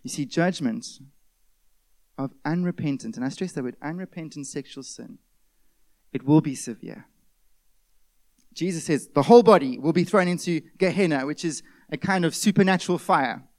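Pastor guy, highish voice, preaching hard then going all hushed. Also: normal speed. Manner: emphatic preaching, swings between loud stresses and hushed drops. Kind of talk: sermon.

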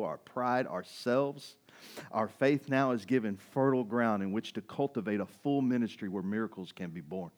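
A man preaching a sermon, moving from hushed, intense passages to loud, fervent ones, often asking the congregation "right?". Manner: builds from hushed intensity to loud, high-pitched fervor, with rhetorical "right?"; acts out quoted voices of doubters. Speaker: pastor.

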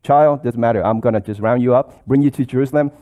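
A man's voice: medium pitch, quick pace, phone-quality sound, natural voice. A man voicing an angry, zealous persecutor who speaks bluntly and threateningly, within a sermon.

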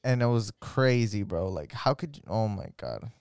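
A young man hosting a casual podcast chat, excitable and slangy, full of "bro" and exclamations. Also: fairly low pitch, moderate pace, smooth, no room sound, clean studio sound. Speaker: podcast co-host.

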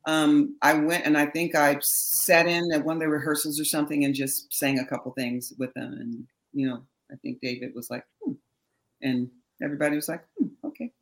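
A woman from Berkeley, a session singer, telling stories in a lively, laughing way as an interview guest. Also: low voice, fairly quick, few pauses, roomy sound, rough recording. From Berkeley, California. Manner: animated storyteller, laughs often. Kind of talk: casual interview chat.

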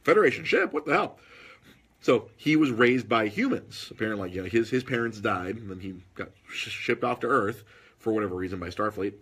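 A man telling stories in casual podcast chat, animated, with husky tone. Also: fairly low pitch, fairly quick. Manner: animated storytelling with put-on quoted voices.

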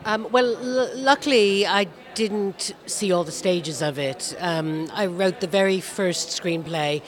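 A woman's voice: medium pitch, slow pace. A woman, an author guest, answering interview questions in a wry, self-deprecating way with small chuckles.

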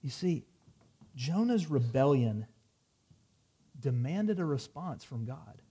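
A man's voice: medium pitch, sing-song, slow, warm tone, breathy edge. A man preaching a sermon, reading scripture dramatically and dropping wry asides. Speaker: pastor.

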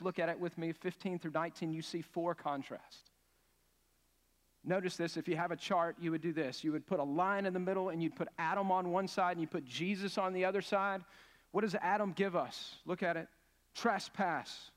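A man with a slightly higher voice preaches a sermon, earnest and emphatic, and often asks his congregation questions. His voice carries a long reverb tail from a church sanctuary. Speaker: pastor.

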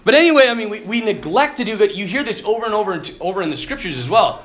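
A man's voice: high-pitched, lively intonation, fast talker, a crowd in the background. A man, a priest, giving an informal, joking retreat talk, laughing often as he preaches. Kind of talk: informal sermon.

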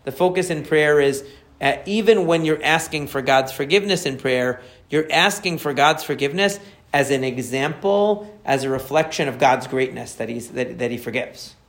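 A man, a rabbi, explaining prayer in a conversational lesson, answering a listener's questions and repeating key phrases as he warms up. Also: a little high, moderate pace.

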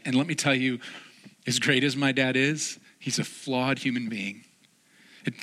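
A man's voice: mid-range voice, pushed and bright. A man preaching a sermon, telling a personal story and repeating key phrases with earnest emphasis.

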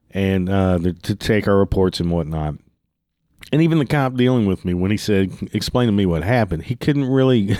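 A man's voice: lowish voice, a little mellow, no room sound, studio quality. A man telling a heated, profane story in a casual storytelling style, swearing freely.

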